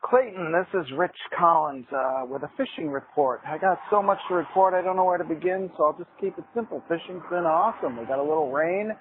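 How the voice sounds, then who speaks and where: A man calling in a rambling, excited fishing report with many fillers. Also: fairly high pitch, a little fast, hardly any pauses. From New Hampshire. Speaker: fly fishing correspondent calling in. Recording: phone line with faint background noise.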